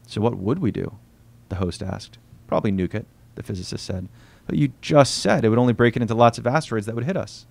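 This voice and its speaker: A man reading aloud from his own novel at a bookstore event, quiet and unhurried, voicing the dialogue softly. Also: on the low side, creaky.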